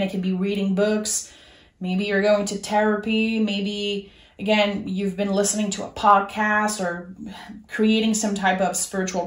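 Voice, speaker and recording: A woman giving a tarot reading, speaking in a soft, earnest and reassuring way, straight to the listener. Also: medium pitch, echoey room. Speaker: tarot reader. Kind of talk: gentle spoken tarot reading.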